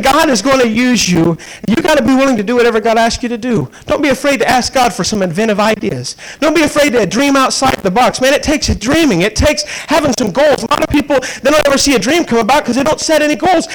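Man, 30s, evangelist preacher, very high voice, storytelling sermon. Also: fast talker, poor audio. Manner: storytelling, rising to fervent preaching. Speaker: traveling evangelist.

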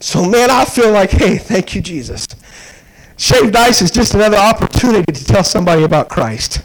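High-voiced preaching man in his thirties. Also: expressive, normal speed, low-quality recording. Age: 30s. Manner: storytelling, rising to fervent preaching. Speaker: traveling evangelist. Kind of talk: sermon.

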